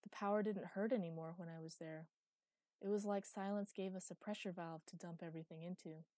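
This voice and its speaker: A woman's voice: on the low side, fairly even intonation, a little fast, warm tone, dry recording, lightly acted. Woman reading as a lonely, wistful ghost wanderer. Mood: weary. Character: small ghostly girl-like wanderer, lonely and sad.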